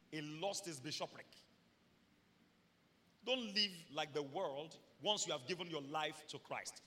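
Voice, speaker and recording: A Nigerian man preaching a sermon as pastor, animated, shouting at peaks and slipping in humorous stories. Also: high-pitched, long reverb tail.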